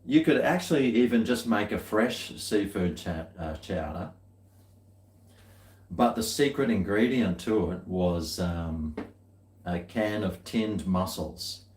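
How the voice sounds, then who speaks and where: A man's voice: fairly low pitch, slow, a little mellow. A man chatting casually to camera in a rambling, laid-back way with chuckling asides. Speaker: vlogger. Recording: echoey room.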